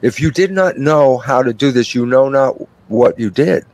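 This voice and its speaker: A man's voice: mid-range voice, normal speed. An older man, an interview guest, explaining his ideas at length and acting out little dialogues with himself. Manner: animated storytelling, acts out dialogue with himself. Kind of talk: expansive conversational explanation.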